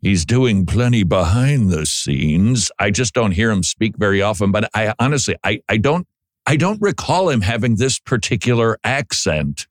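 Male commentary host, low voice, dry studio sound, emphatic and sarcastic delivery. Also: expressive, moderate pace, dry recording. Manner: sarcastic, emphatic, stammers when reacting. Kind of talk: political commentary monologue.

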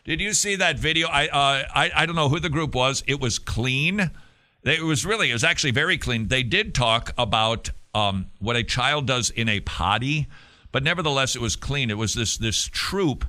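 A man's voice: medium pitch, bright, forceful tone. A man hosting a talk show, giving emphatic, sarcastic commentary. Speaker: host.

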